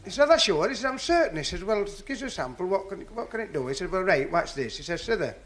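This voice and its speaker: Lively Northern English comedian, high voice. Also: male voice, fast. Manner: chatty storyteller, folksy dialect. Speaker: stand-up comedian. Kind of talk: stand-up joke telling.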